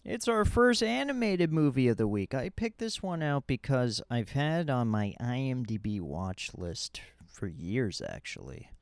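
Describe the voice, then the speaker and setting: A man hosting a casual podcast who talks slowly and rambles, stumbling over his words as he starts sentences over. His pitch swings widely, so his delivery sounds animated even at a relaxed pace. The recording is dry and close, with no room sound. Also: no room sound. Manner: rambling, with many restarts and stammered repeats. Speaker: podcast host. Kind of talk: casual chat.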